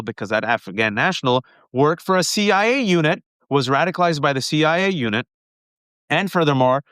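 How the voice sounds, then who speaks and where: A man hosting a political livestream, talking fast and emphatically, often repeating his points. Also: mid-range voice, a bit bright, dry recording, clean studio sound.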